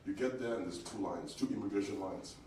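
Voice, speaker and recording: A man from Uganda, performing a live stand-up set of conversational stories that burst into yelled punchlines. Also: sits low, brisk, a little hiss or hum. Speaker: stand-up comedian. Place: theatre stage with live audience. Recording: echoey theatre, distant mic, audience laughter.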